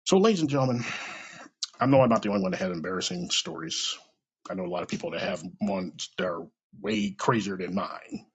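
A man's voice: lowish voice, gravelly, slightly rough. An American man, middle-aged, telling a personal story in a casual monologue, swearing, laughing and acting out what people said. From United States. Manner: animated, swears, laughs, acts out dialogue. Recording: dull lo-fi recording.

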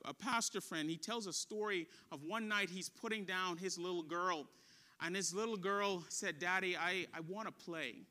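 Male pastor, high ringing tone, sermon delivery with call-and-response. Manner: preaching with call-and-response questions, dropping soft for stories.

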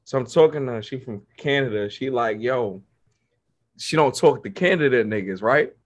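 Animated man telling a story. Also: mid-range voice, moderate pace, dull audio. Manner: animated storyteller, slangy, acts out quotes. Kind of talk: casual chat, storytelling.

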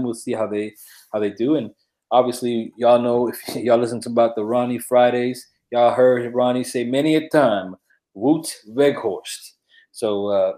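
A man co-hosting a sports podcast in casual chat, laid-back and quick to laugh, with many filler words. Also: medium pitch, darkish tone. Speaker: podcast co-host.

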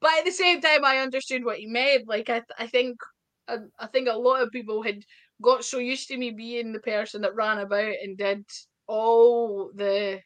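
A woman with a Scottish accent, a wrestler telling stories in a casual interview, chatty and full of quick asides. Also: fairly high pitch, steady tone, a bit bright. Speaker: wrestler guest.

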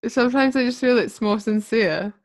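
A young woman, co-hosting a casual podcast chat, chatty and quick to laugh. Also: fairly high pitch, a little mellow. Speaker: podcast co-host.

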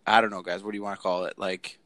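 A man hosting a casual movie discussion, retelling scenes in a lively way. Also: deep voice, rapid-fire, dry recording.

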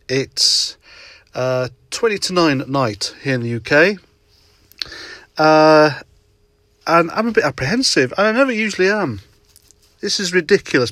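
A man's voice: a little high, a bit bright, dry recording, clean studio sound. Swearing, laughing man, podcast from a car. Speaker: podcast host. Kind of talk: casual solo podcast monologue. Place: parked car in a woodland lay-by at night.

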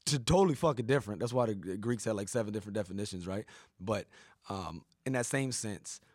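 A man's voice: on the low side, brisk, dry recording, studio quality. A man hosting a podcast in casual chat, rambling and profane, often tagging his points with "right?". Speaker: podcast host.

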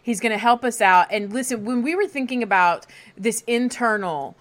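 A woman's voice: fairly high pitch, moderate pace, fairly bright tone. A woman co-hosting a podcast, bubbly and enthusiastic as she introduces a guest. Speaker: podcast co-host. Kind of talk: casual podcast chat.

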